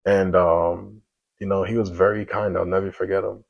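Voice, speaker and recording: A man with a deep, gravelly voice tells his personal story in a casual, emotional testimony. His tone is husky and rough at the edges, and he keeps it conversational with easy slang. The sound is close and dry. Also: little pitch movement, normal speed, dry recording, dull audio. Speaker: single father telling his story.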